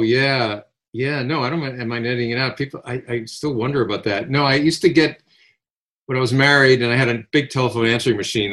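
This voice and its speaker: An older man casually telling long, rambling personal anecdotes, animated, with restarts and quoted dialogue. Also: medium pitch. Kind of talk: casual conversational storytelling.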